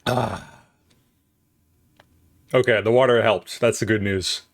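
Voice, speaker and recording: A man's voice: fairly low pitch, fairly even intonation, slow, slight background noise. A man streaming live, chatting casually and poking fun at himself while he reacts to chat.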